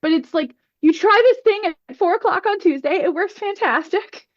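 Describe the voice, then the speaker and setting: A woman's voice: extremely high pitch, animated, moderate pace. A woman speaking as a podcast guest in casual chat, earnest and reflective. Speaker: guest presenter. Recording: muffled lo-fi audio.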